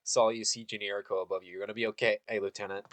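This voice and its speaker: A man running a tabletop game as game master, loose and halting, with many fillers. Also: on the low side, level tone, fairly bright tone, no room sound.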